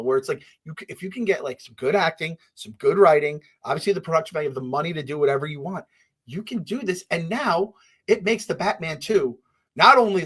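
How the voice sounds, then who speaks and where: A man's voice: a little high, fairly bright tone, husky. A man co-hosting a podcast in casual chat, rambling with lots of fillers. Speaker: podcast co-host.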